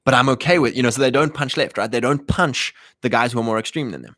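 A man's voice: medium pitch, fast, fairly bright tone, no room sound, clean studio sound. A man hosting a livestream, rambling through casual political commentary and acting out quoted voices. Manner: rambling, many fillers and restarts, acts out quotes. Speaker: livestream host.

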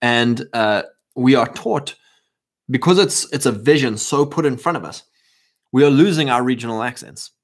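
A man's voice: medium pitch, moderate pace. A South African man hosting a livestream in a fervent, rambling, preachy monologue, with many restarts and a lingering cough. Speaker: livestream host.

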